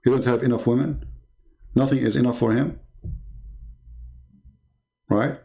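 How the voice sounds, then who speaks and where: A man's voice: mid-range voice, fairly even intonation, unhurried, vocal fry, mellow, low-quality recording. A man arguing heatedly on a live stream, reading out and translating source texts and firing rhetorical questions. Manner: combative, fires rhetorical questions. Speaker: live-stream religious debater.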